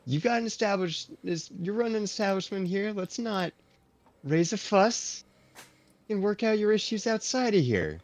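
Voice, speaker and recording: A man voicing an awkward, overly friendly woman adventurer who talks loudly over others in a tabletop game. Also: high voice, lively intonation, moderate pace, pitched above the performer's own voice. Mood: placating.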